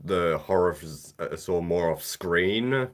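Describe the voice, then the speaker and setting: A man's voice: deep voice, lively intonation, takes it slowly. A young man with an Australian accent co-hosting a casual movie-watching podcast, making dry, wry remarks. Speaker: podcast co-host.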